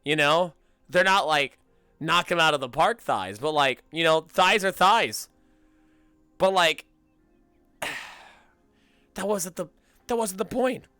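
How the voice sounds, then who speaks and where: A man streaming a roleplay game, joking crudely and loudly in casual banter with a hoarse voice. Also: on the high side, slow pace, pauses often, no echo, soft background music.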